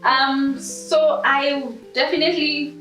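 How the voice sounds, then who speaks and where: A woman co-hosting a casual book chat, enthusiastic and quick to laugh, with fillers and hesitations. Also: high-pitched, flat delivery, a bit bright, faint music behind. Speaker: podcast co-host. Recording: roomy sound from a distant mic.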